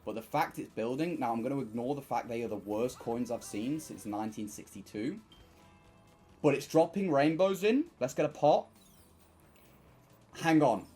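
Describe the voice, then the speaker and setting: Young male streamer, chatty and excitable, big swings in pitch, light music underneath. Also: moderate pace, long pauses, husky. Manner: excitable, bursts into shouting at wins. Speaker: online slots streamer. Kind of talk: casual gambling commentary.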